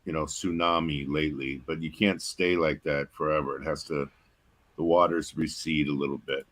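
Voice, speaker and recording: A man's voice: a bass voice, fairly even intonation, moderate pace, a bit bright. A man, a guest in a casual chat, making dry jokes and arguing his point.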